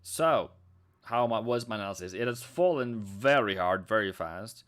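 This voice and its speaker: A man's voice: on the low side, expressive, moderate pace, fairly bright tone. Chatty man streaming live trades. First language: Norwegian. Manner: chatty, reads chat aloud, sings snatches. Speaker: forex trading streamer. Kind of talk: casual live-stream commentary.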